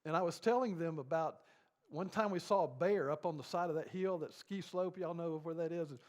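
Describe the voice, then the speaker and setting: A man's voice: a little high, brisk, a little mellow. An older man leading a church grief seminar, telling rambling, folksy stories full of fillers.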